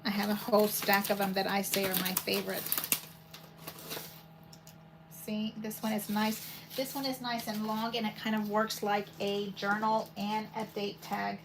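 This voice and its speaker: A woman runs a paper crafting channel, and in this casual demo she speaks a little slowly with a medium-pitched voice. She rambles and chats, thinking aloud as she crafts. Steady background noise fills the home recording.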